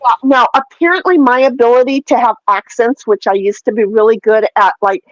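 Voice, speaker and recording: A high-pitched woman talks in a loose, rambling way, full of fillers, with the odd curse word. The audio is dry and a little dull. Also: brisk, no room sound. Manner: rambling, profane, animated ranting with many fillers. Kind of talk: casual chat.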